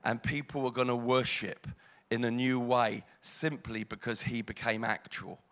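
A British man preaching a sermon, dramatic, dropping to hushed lines and rising loud. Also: medium pitch, flat delivery, unhurried.

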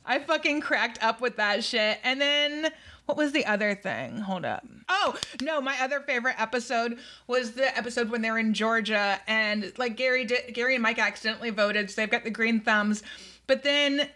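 Bright-voiced animated woman chatting. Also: on the high side, moderate pace. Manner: animated, laughing, swearing, acting out quotes. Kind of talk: casual chat.

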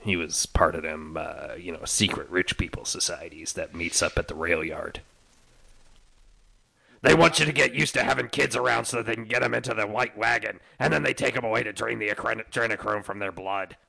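Man playing a gruff game character, dim rumor-monger, low gravelly voice, rambling with uh's, shifting odd accent. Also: steady tone, fairly quick, pushed and bright, full character voice, rough recording. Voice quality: gruff, wandering unplaceable accent. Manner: rambling, hesitant, full of uh.

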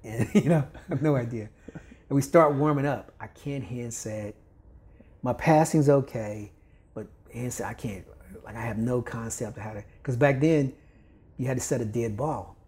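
Speaking at medium pitch and a moderate pace, a Kentucky volleyball coach in his later years shares a story as a podcast guest. His talk is casual and lively, full of laughter and impressions of the voices of the people he describes.

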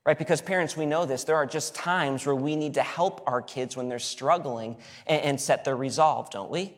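A man's voice: fairly high pitch, moderate pace. Earnest male pastor in a reverberant hall. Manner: earnest, conversational storytelling. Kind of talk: sermon.

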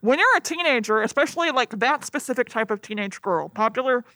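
A woman's voice: a little high, lively intonation, a little fast, sharp tone, no echo. A young woman co-hosting a casual podcast about a movie, blunt, sweary and sarcastic. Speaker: podcast co-host.

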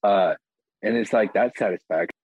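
A man's voice: lowish voice, moderate pace, a little mellow, no echo. A man speaking as a guest in a casual interview, rambling with lots of filler words and blunt swearing. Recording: dull lo-fi audio.

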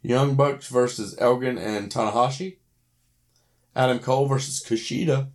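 A man's voice: medium pitch, moderate pace. A man co-hosting a casual podcast chat, wry and profane, reading match lists aloud. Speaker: podcast co-host.

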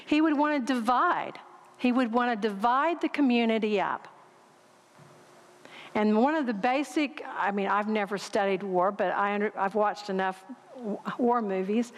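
Woman preaching in a reverberant hall. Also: mid-range voice. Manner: conversational preaching with questions to the congregation. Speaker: speaker. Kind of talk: sermon.

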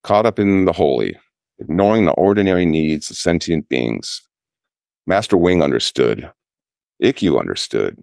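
A Zen priest giving a dharma talk, telling a teaching story in a slow, measured way with pauses. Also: male voice, sits low, big pitch swings, creaky, a little mellow, no echo, studio quality.

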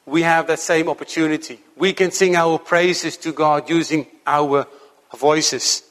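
A man preaching a sermon to his congregation in an earnest, measured way, slowing down to stress key points. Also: fairly high pitch, fairly even intonation, fairly bright tone, in a large hall. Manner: earnest, measured preaching with slow emphatic stretches.

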